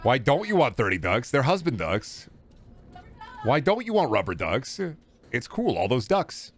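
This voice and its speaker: A man's voice: mid-range voice, huge pitch swings, a little slow, slight background noise. A man streaming a game, rambling and joking with chat and swearing freely. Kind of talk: casual live gameplay commentary.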